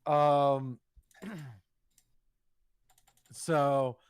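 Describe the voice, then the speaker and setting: A young man co-hosting a podcast, telling a rambling, profane story and getting animated when he quotes himself. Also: mid-range voice, extremely slow, smooth, no echo, studio quality. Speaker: podcast co-host. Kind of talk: casual storytelling.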